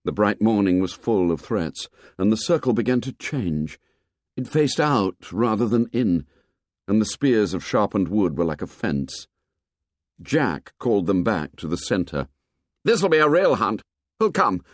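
A man narrating an audiobook with expressive storytelling. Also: lowish voice, unhurried, no room sound, clean studio sound. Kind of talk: scripted narration.

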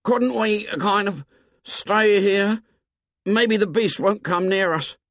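A man's voice: sits high, takes it slowly, a bit bright, dry recording, clean studio sound, voice pushed up, exaggerated voice. Piggy, a man doing a fretful schoolboy. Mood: pleading. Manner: pleading, hesitant. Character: timid fussy schoolboy, anxious and clumsy.

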